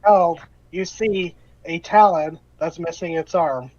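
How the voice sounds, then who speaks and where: A man's voice: a little high, takes it slowly, darkish tone, dry recording. Rambling game master man, lo-fi mic. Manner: rambling, hesitant narration with many fillers. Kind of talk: narrating a tabletop game.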